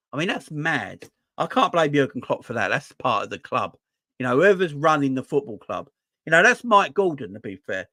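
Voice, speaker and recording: A man's voice: a little high, bright, forceful tone, no room sound, studio quality. A young man with a London accent chatting casually on his fan channel, speaking emphatically and repeating points, with rhetorical questions to his viewers. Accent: Southern English (London). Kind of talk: casual livestream chat.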